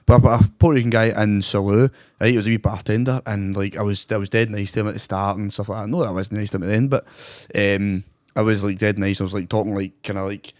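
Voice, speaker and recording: A man's voice: lowish voice, little pitch movement, quick pace, darkish tone, no room sound. A young Scottish man hosting a casual podcast chat, rambling with fillers and swearing freely. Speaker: podcast host.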